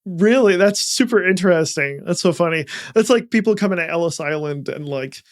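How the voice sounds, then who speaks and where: A man from the United States hosting a podcast, chatting casually and upbeat with quick asides. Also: high voice, lively intonation. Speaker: podcast host. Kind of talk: casual interview chat.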